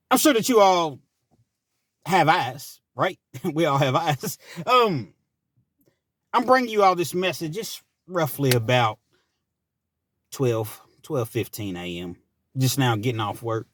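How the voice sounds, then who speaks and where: A man's voice: fairly high pitch, lively intonation, measured pace, fairly bright tone, dry recording, clean studio sound. A man hosting his own channel, telling a personal story in a chatty, rambling way with asides. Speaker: channel host. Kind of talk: casual storytelling monologue.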